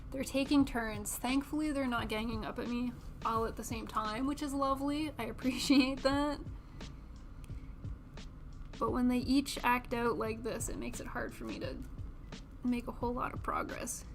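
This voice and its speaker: High-voiced woman in her thirties, chatty. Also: normal speed, soft background music. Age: about 30. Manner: chatty, coos baby talk at her cats, often drops to a whisper. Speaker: streamer building model kits. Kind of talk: casual livestream chat.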